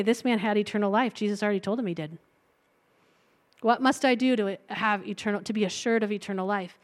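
A woman preaching a sermon in a conversational way, retelling a Bible story and breaking into light laughs between points. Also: medium pitch.

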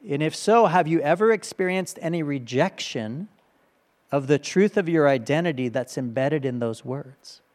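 A male pastor preaches in a relaxed, conversational way, working through a passage and checking in with his listeners. His voice sits a little higher than most men's, and he often tags his points with a quick "right?". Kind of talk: sermon.

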